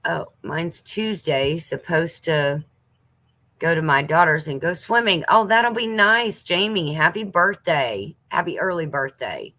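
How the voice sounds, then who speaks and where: A woman's voice: deep voice, lively intonation, unhurried, sharp tone. A woman in her fifties hosting a casual livestream, reading viewers' comments aloud and chatting back to them. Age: 50s. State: coughing now and then. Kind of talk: casual chat.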